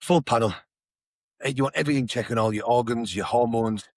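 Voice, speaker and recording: A man's voice: medium pitch, brisk, no echo. A man telling stories in a casual, slangy podcast chat, swearing freely. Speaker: podcast co-host.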